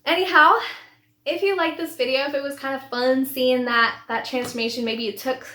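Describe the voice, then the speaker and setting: A woman in her thirties talks heartfelt and rambling, often restarting her sentences. Her voice sits a bit high, and the room around her rings with echo. She is sharing a personal story as a vlogger. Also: steady tone, normal speed, bright, forceful tone. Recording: echoey room.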